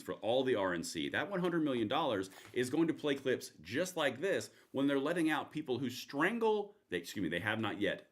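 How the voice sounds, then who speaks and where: A man hosting a live political commentary stream, talking in a rambling, sarcastic way with many restarts. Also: fairly low pitch. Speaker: livestream host.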